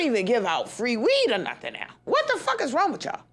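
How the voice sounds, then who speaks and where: A young adult woman hosting a podcast, ranting in a heated, profane monologue, swinging between loud outbursts and low grumbles and laughing through her words. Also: wildly swooping pitch, a little fast, hardly any pauses. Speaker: podcast host.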